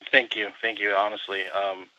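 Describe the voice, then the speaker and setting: A man co-hosting a podcast, reviewing movies in animated, sarcastic, profane banter. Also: on the low side, moderate pace, dull audio, a little hiss or hum.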